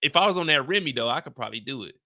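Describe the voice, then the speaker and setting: A man hosting a live stream, recapping a TV episode in casual chat, animated and slangy and talking straight to his viewers. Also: medium pitch, very fast, no echo. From United States. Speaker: show host recapping a TV episode.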